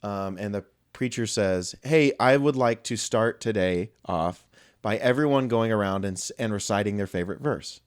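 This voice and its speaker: A young adult man with a fairly low voice, speaking at a normal pace, co-hosts a podcast and spins a long, rambling anecdote. The chat is casual, peppered with frequent swearing and jokey asides.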